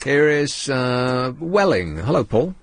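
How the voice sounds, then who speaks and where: A man's voice: mid-range voice, big pitch swings, slow pace, dry recording. A man from Britain hosting a radio phone-in with dry, wry commentary. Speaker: radio host. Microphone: studio mic.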